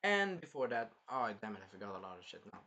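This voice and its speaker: A man hosting a casual anime review, rambling and animated, swearing freely as he recaps an episode. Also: mid-range voice, fast talker. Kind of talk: casual chat.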